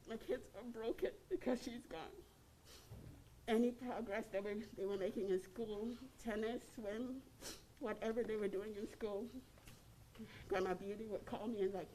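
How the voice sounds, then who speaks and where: A woman who is a family member, giving a fond, story-filled eulogy at a funeral service with soft pauses. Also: on the high side, a little hiss or hum. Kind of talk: funeral tribute speech.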